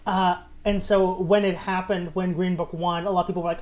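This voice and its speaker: A man hosting a laid-back film podcast, reading out award nominees in a wry, deadpan way. He tells stories and adds little jokes as he goes. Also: high-pitched, fairly quick. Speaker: podcast host. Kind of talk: casual film podcast chat.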